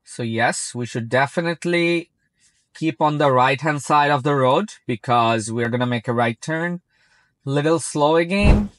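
A man's voice: on the high side, lively intonation, a little slow, a bit bright. A man speaking English as a second language, chatting casually while driving and commenting on his car's self-driving, often repeating "very" and "like". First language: not English. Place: inside a moving car.

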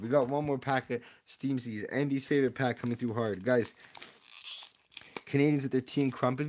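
Male streamer, mid-pitched, chatty and excitable, casual live-stream host. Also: brisk. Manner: excitable, chatty, talks to viewers. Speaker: streamer opening card packs.

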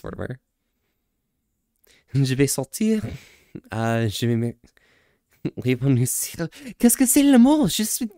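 Speaking at a medium pitch, a man chats with his stream's audience, laughs a lot and has a go at phrases in other languages while poking fun at himself. The recording is clean and studio-like, free of echo.

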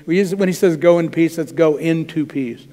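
The church hall's reverb surrounds a man preaching at a moderate pace in a fairly high, mellow voice. As pastor, he keeps the sermon conversational and performs quoted dialogue, all within the sanctuary.

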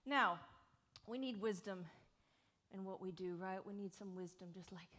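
A woman's voice: mid-range voice, normal speed. A woman, giving a frank, jokey keynote on stage while she paints. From South Carolina, USA. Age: 40s. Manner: lively, jokey and frank, swearing casually. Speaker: keynote speaker and live speed painter. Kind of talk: live keynote talk to an audience. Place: event stage before an audience.

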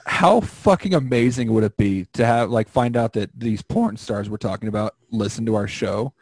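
A man's voice: on the low side, normal speed, darkish tone, husky, no echo. A young man hosting a casual podcast over an online call, rambling and joking crudely. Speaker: podcast host.

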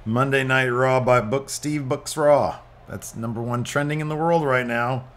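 A man hosting a gaming channel, giving excited play-by-play over a wrestling game with loud exclamations and quiet mutters. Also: mid-range voice, unhurried.

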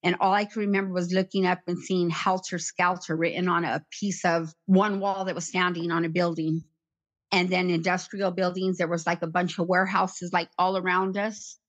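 Low-voiced woman recounting an ordeal. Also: little pitch movement. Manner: plain, halting, repeats herself. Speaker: interview guest, survivor. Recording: slightly muffled recording.

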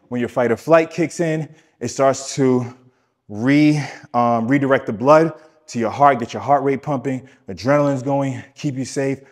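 A man coaching listeners on wellness in a podcast, with a voice of middle pitch. He talks emphatically, repeats his main points and addresses the listener directly. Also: a little mellow. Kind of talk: podcast teaching talk.

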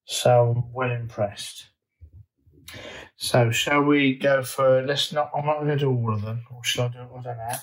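A man talking at a slow, unhurried pace, with an ordinary mid-pitched voice. He chats casually to camera as a garden vlogger, thinking aloud and trailing off with fillers and restarts. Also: steady tone, rough recording. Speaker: allotment vlogger.

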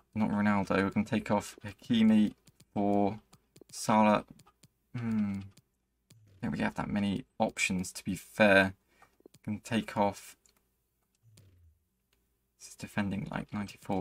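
A man's voice: lowish voice, little pitch movement, a little slow, long pauses. A young man commentating his own football video game match, swinging between hype and frustration. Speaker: gaming channel host. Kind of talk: live gameplay commentary.

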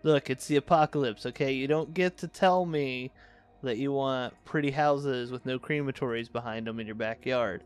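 A man's voice: medium pitch, normal speed, clear, resonant tone. A young man giving casual, wry running commentary on a city-building game he is playing, with dry sarcastic asides. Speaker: let's play host.

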